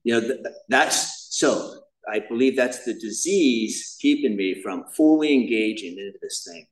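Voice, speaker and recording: A man's voice: mid-range voice, lively intonation, measured pace, far from the mic, poor audio. Casual man telling his story, off-mic. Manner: casual and self-deprecating, with frequent "man" and "you know". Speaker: speaker at a recovery meeting. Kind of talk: personal recovery story told to a meeting. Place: meeting room.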